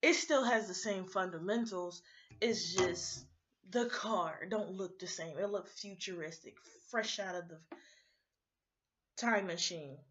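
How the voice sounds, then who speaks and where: A woman's voice: fairly low pitch, unhurried, dull audio. Chatty young woman ranting to camera. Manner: rambling, chatty, animated. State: sleepy. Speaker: vlogger. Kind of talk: casual rant to camera.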